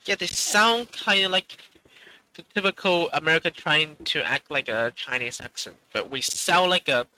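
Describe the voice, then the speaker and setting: A man with a very bright, cutting voice, pitched a little high, chatting casually on a podcast call. He teases and cracks jokes at his friends' expense. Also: moderate pace, low-quality recording. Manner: teasing, jokey. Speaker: podcast co-host. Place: online voice call.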